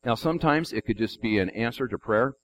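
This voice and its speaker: A man's voice: mid-range voice, expressive, fairly quick, poor audio. A man preaching a casual, conversational sermon, folksy and given to repeating his phrases.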